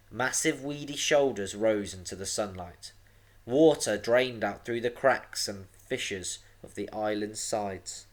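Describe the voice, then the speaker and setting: A man, a teacher, reading a storybook aloud to young pupils with a dramatic, expressive delivery. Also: fairly low pitch. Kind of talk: storybook read-aloud for children.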